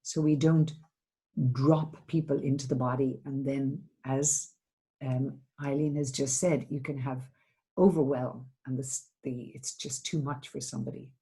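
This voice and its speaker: A middle-aged woman therapist from Ireland giving a seminar talk, speaking gently and reflectively with hesitant restarts. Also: extremely low pitch, fairly even intonation, a little slow, slightly rough, rough recording. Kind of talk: seminar talk, answering a question.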